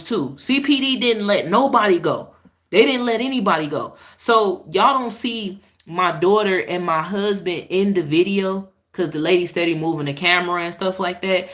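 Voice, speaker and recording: A woman's voice: medium pitch, a bit bright. A woman from Chicago doing casual live-stream commentary, blunt and exasperated, swearing freely as she talks to her viewers.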